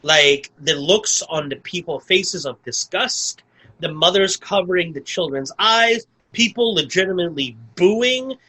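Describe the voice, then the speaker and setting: A man with a bright, slightly high voice, talking casually through a movie plot on a podcast. He rambles, circles back, and fills his sentences with "like" as he goes. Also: lively intonation, a little slow, breathy edge, rough recording. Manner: rambling, full of "like" and restarts. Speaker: podcast co-host. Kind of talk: casual movie review chat.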